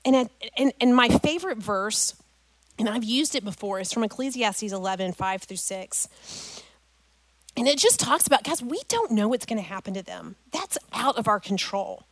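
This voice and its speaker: This woman's voice sits on the high side and moves at a moderate pace, recorded with no room sound. She is middle-aged and addresses a parents' group as "guys," recounting an emotional story from her own life and connecting it to scripture in an animated way.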